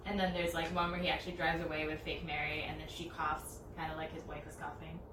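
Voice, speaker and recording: A woman's voice: low voice, fast talker. Giggly young woman, rambling, echoey room. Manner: giggly, rambling storyteller with animated quoted voices. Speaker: DIY crafter. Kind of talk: casual chat. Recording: echoey, distant, noisy room mic.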